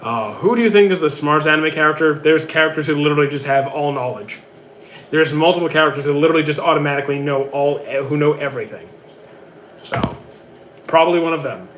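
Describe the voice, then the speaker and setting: A man streaming, reading out chat questions and answering them in a quick, offhand way with many fillers, his voice worn out. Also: fairly high pitch, fairly bright tone, a little hiss or hum. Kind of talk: casual livestream chat.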